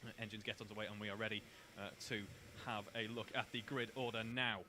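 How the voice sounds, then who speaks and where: A man's voice: lowish voice, fast talker, background noise. A man giving live commentary on a kart race from a commentary box, steadily reading out the grid order. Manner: steady, reads out grid orders in long lists. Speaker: karting commentator.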